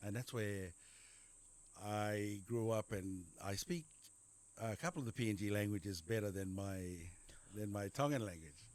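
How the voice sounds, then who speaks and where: A man's voice: lowish voice, measured pace, a little mellow. A middle-aged man with an Australian accent, a doctor being interviewed and telling his life story in a rambling way, repeating words and using many fillers. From Papua New Guinea. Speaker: general practitioner guest. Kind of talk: conversational interview.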